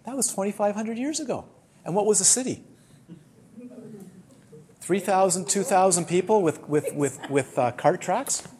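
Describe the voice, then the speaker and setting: A man's voice: high voice, normal speed, pauses often, a little mellow. A man with a British accent, a meditation teacher giving a conversational teaching talk to a retreat group, full of anecdotes. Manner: conversational, anecdotal, acts out quoted complaints.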